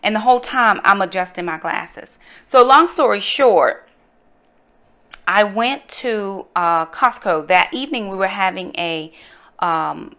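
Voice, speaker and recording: A middle-aged woman from North Carolina, telling a personal story in a casual, animated way and calling her viewers y'all. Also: medium pitch, unhurried. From North Carolina, USA. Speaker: vlogger, mother.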